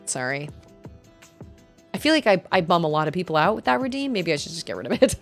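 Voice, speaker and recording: A woman streams a game at a fast clip, her lowish voice sing-song as she chats casually with viewers and reads game dialogue aloud in playful voices. Faint game music plays behind her.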